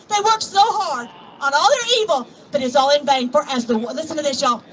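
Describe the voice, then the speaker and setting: An older woman gives an impassioned rally speech outdoors. She reads scripture and calls out to the crowd, swinging between soft asides and shouts. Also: sits high, animated, normal speed, few pauses. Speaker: rally speaker. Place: outdoor plaza at a protest march. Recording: distant outdoor recording with crowd noise. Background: murmuring crowd and street noise.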